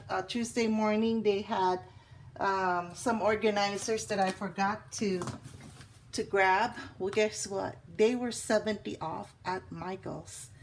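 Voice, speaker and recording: Woman from Hawaii, unhurried, chatty bargain-hunter tone, faint hiss behind. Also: medium pitch. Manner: chatty, excited about bargains, many fillers. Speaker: crafting haul vlogger. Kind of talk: casual show-and-tell haul.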